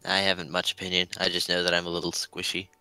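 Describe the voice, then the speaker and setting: A man's voice: sits low, completely flat delivery, fast, sharp tone, clear, resonant tone, no echo, faint music behind, poor audio. A man joking around with friends during a tabletop game, tossing off wry asides. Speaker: tabletop player. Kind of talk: casual game table chat.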